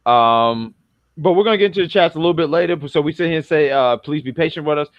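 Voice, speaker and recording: A man's voice: a little high, fast, no room sound, highs cut off. A man from New York co-hosting a casual wrestling review podcast, rambling and self-correcting as he jokes around.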